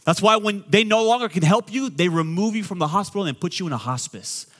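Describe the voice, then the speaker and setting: A middle-aged man, a pastor, preaching a sermon with joking asides, swinging between loud and quiet. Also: high-pitched, lively intonation, fast.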